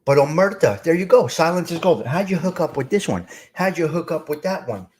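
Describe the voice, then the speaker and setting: A middle-aged man hosts a live stream in a blunt, streetwise way. His voice sits a little high for a man. He talks straight to his chat as if they were at the table with him. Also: lively intonation, a little fast, darkish tone. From North Jersey. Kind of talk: casual live chat reading comments.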